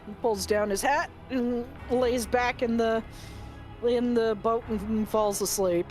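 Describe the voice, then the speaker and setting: A woman's voice: a little high, steady tone, slow pace, darkish tone, soft background music. A woman running a tabletop game, narrating and chatting casually, laughing often and swearing freely. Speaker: game master.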